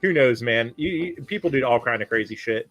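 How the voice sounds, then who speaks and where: A man from Florida jokes and swears his way through a casual stream chat. His voice is bright and forceful. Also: medium pitch, lively intonation, brisk, faint music behind. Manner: joking, profane.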